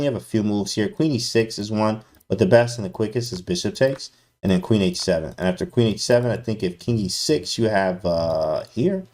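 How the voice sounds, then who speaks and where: A man streams live chess commentary in a slightly low voice. He is slangy and hyped, and he keeps calling out to his chat. His calls mix playful trash talk with explanations of moves. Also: a little mellow.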